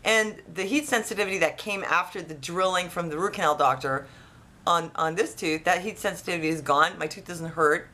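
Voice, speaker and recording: Woman, casual storytelling, low-pitched, bright tone, rambling, animated. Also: fairly quick. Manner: animated, rambling retelling with many restarts. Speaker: vlogger.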